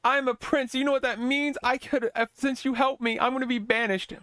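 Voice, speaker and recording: A man's voice: very high voice, steady tone, brisk, bright, forceful tone, smooth, dry recording, voice pushed up. A man voicing a petulant, spoiled young prince who whines shrilly and indignantly. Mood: whiny indignant.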